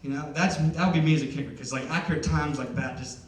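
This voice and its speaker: Young man, new stand-up comic, rambling and self-mocking, slightly high voice, miked from afar in an echoey hall. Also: fairly even intonation, fast talker, a little hiss or hum. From Ohio, USA. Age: young adult. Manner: rambling, self-deprecating, filler-heavy. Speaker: stand-up comedian. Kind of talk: stand-up comedy set. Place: concert venue on stage. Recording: echoey hall, heard from a distance.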